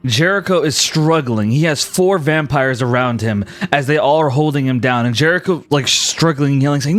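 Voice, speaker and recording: A young man narrating a tabletop game as game master, telling the story in an animated way and chuckling now and then. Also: mid-range voice, normal speed, hardly any pauses, no room sound, faint music behind.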